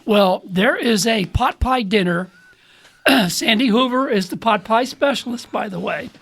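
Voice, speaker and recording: A man's voice: sits high, a little slow, a bit bright, slightly rough. A man hosting a podcast in a small studio, making playful announcements and thanking his team. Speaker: podcast host. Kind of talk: casual chat.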